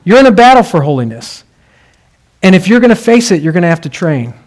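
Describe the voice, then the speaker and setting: A man's voice: high-pitched, big pitch swings, a little fast. A man preaching a sermon, telling stories in a conversational way and building to emphatic swells.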